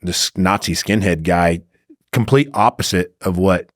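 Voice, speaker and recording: A very deep-voiced man talks in a thoughtful, measured way. The recording is close and dry. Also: no room sound. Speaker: former undercover agent, guest. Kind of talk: casual conversation.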